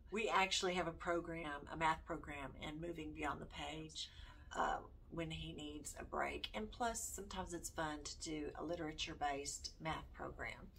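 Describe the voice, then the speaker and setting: A woman's voice: lowish voice, creaky, slight background noise. An older grandmother with a Southern accent, chatting folksily about homeschool books in a vlog. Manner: chatty, folksy, reads book titles aloud. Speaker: homeschooling vlogger. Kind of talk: casual chat to camera.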